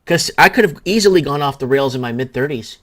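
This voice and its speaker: A man's voice: medium pitch, lively intonation, fast talker, fairly bright tone, soft background music. A man in his thirties hosting a call-in show, telling rambling stories in casual chat. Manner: rambling, anecdotal. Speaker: host.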